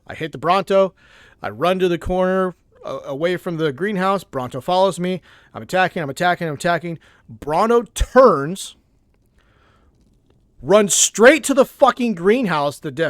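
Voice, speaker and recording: A man's voice: high voice, dry recording. Man telling a gaming story in a dry room. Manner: animated storytelling with restarts. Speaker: co-host. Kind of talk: casual gaming podcast chat.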